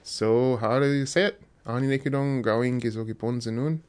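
A man's voice: medium pitch, a little fast, darkish tone. A man teaching a language lesson, quizzing the listener and patiently repeating phrases.

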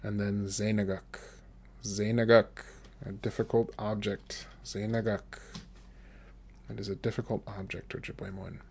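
A man with a gravelly, creaky voice gives a recorded language lesson. He repeats each phrase slowly and patiently for his learners. He speaks close to a desk microphone. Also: lowish voice, flat delivery, a little mellow. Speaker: language teacher.

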